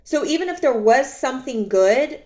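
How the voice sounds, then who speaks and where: Brief: woman vlogger with a fairly high voice, a candid reflective monologue that circles back on key phrases. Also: animated, moderate pace, darkish tone. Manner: candid, repeats phrases for emphasis; speaks from her own experience.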